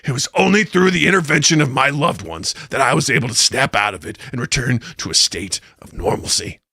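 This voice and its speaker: A man's voice: medium pitch, a little fast, vocal fry, pushed and bright, slightly rough, no room sound, pitched below the performer's own voice, heavily acted. A man putting on the voice of an outraged male conspiracy talk-show pundit, declaiming a scripted rant with indignant bombast.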